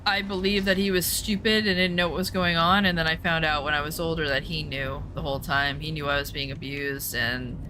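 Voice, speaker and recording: A woman's voice: sits low, steady tone, brisk, few pauses, noisy background. A woman streamer talking candidly in casual chat while playing a game, rambling with lots of fillers.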